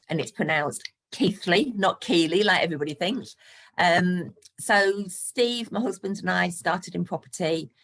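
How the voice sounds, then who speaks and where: Low-voiced, chatty woman in her sixties. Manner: chatty and frank, laughing between points. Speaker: guest, property investor. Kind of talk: casual podcast interview.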